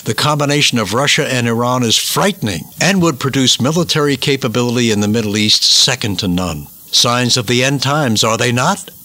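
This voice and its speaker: Bright-voiced man preaching emphatic commentary. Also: medium pitch, expressive, brisk, hardly any pauses. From United States. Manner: emphatic, repeats words for stress, rising indignation.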